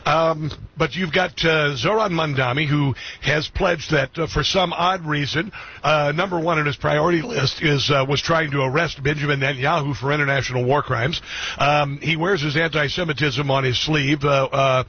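A man's voice: fairly high pitch, normal speed, slightly rough. A man hosting a talk radio show, chatting casually, laughing often and mocking the topic. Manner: laughs a lot, excitable and mocking. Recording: slightly muffled radio audio.

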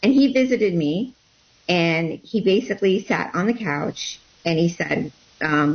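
Woman, lower voice, candid personal storytelling, halting with fillers, dull lo-fi recording. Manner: halting, with many fillers and restarts. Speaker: guest telling her story of becoming a healer.

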